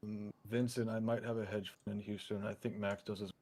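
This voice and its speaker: A man's voice: fairly low pitch, little pitch movement, fairly quick, darkish tone. A man joining a livestream over voice chat, joking and teasing the host in casual banter. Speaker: livestream co-participant. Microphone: voice chat over computer.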